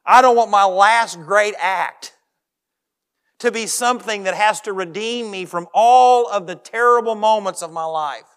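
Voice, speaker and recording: A pastor in his forties preaching a sermon, joking one moment and then slowing down and dropping his voice to a hush for emphasis. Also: high-pitched, smooth.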